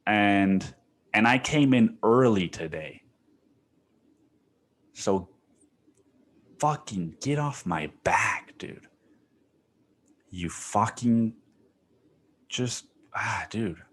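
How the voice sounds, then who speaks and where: Very low-voiced man venting on his podcast. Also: expressive, very slow, long pauses. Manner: profane venting, heavy on "dude". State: swollen tonsils. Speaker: podcast host. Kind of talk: solo podcast monologue.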